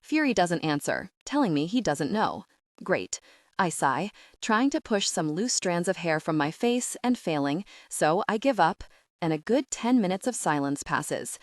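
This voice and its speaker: A woman's voice: lowish voice, very animated, a little slow, dry recording, clean studio sound. A woman narrating a first-person romance audiobook, reading both sides of the dialogue with light shifts.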